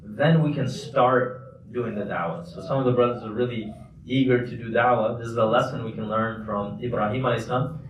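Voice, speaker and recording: A man's voice: medium pitch, fairly even intonation, brisk. A man giving a casual, conversational Quran lesson at a mosque, explaining points with loose restarts. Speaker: mufti teaching a class. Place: large mosque hall. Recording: echoey hall, distant mic, faint noise.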